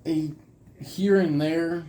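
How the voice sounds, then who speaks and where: Hesitant young man with a mellow voice. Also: fairly high pitch, steady tone, slow pace, a little hiss or hum, poor audio. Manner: hesitant, many fillers. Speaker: student interviewer. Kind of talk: casual podcast interview.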